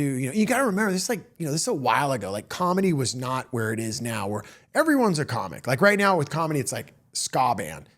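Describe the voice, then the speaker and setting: A man in his fifties, a comedian hosting his own show, telling stories in an animated monologue and acting out the voices of people in them. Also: mid-range voice, fast, hardly any pauses. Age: 50s. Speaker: comedian host. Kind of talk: storytelling monologue.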